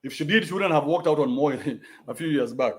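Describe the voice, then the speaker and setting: A man's voice: a little high, fairly quick. A young adult man with a Kenyan accent, ranting bluntly in a profane, mocking livestream. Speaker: commentator. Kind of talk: livestream rant.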